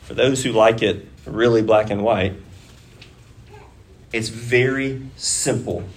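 A man preaching a sermon to a congregation, deliberate and measured, rising to emphatic urging at key points. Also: on the low side, steady tone. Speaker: pastor.

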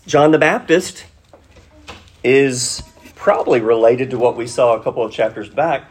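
A man's voice: medium pitch, moderate pace, slightly rough. A man preaching a verse-by-verse sermon in a teacherly way, checking in with his listeners through rhetorical questions. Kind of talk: expository sermon.

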